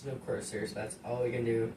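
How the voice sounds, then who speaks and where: A woman's voice: rumbling low, level tone, moderate pace, mellow, a little hiss or hum. A woman chatting casually and rambling on a live stream from her kitchen, swearing and joking with viewers. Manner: rambling, profane, jokey. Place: home kitchen.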